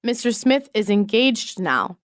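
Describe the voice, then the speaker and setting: A woman reading business English sentences aloud in a measured, clearly enunciated way. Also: medium pitch, very animated, no room sound, clean studio sound. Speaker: English phrase reader. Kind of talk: slow read-aloud example sentences.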